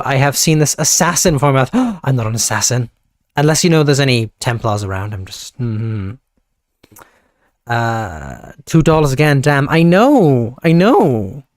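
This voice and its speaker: A man's voice: medium pitch, no echo, clean studio sound. A young man streaming live, rambling casually to his chat, often breaking off mid-sentence and fondly thanking viewers, speaking into a handheld mic he holds awkwardly. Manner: rambling, self-interrupting, affectionate to chat. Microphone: handheld mic, held awkwardly.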